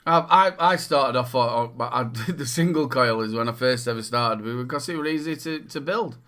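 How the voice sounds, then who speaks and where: A man's voice: mid-range voice, moderate pace. A man with a Northern English accent, co-hosting a casual chat, rambling and repeating words as he tells stories. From Northern England. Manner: rambling, repeats words, bursts into loud mock shouting. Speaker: podcast co-host.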